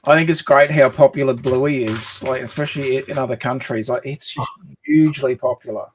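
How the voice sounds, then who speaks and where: Halting, friendly Australian man. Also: medium pitch, steady tone, a little hiss or hum, poor audio. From Sydney, Australia. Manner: friendly, halting, many fillers. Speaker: guest co-builder. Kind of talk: casual chat.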